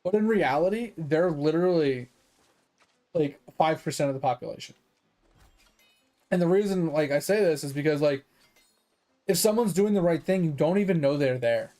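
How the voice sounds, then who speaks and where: Man, gaming streamer, swearing, chatty rant, a bit high-pitched. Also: moderate pace, long pauses, warm tone. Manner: profane, fired-up storytelling; chatty, with many fillers. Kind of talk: casual livestream rant.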